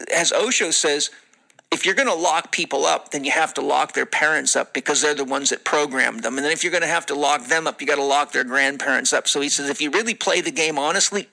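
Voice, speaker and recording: A man's voice: on the high side, vocal fry, pushed and bright, low-quality recording. A man speaking as a holistic lifestyle coach in a podcast conversation, earnest and lecturing, acting out exchanges with his students. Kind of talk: podcast conversation, played as a clip.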